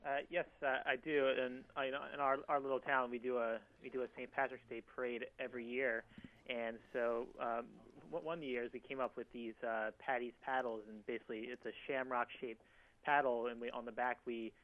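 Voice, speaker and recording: A man calls a radio show in a flat voice, quick but halting and repeating his words. The line sounds dull and lo-fi. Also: mid-range voice. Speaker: caller. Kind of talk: phone call to a radio show.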